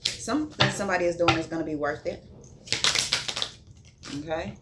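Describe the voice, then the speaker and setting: A woman's voice: fairly low pitch, normal speed, very noisy. A woman giving a casual tarot reading, blunt and profane, drifting into sing-song asides between card readings. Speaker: tarot reader.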